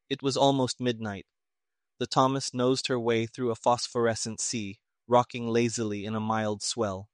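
A man's voice: mid-range voice, flat delivery, normal speed, clear, resonant tone, no room sound. Man narrating an audiobook, dry.

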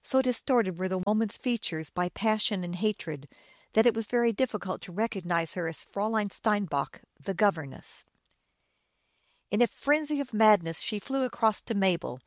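A woman narrating a dark old story in a steady, measured reading voice. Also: medium pitch, no room sound, clean studio sound. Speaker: audiobook narrator.

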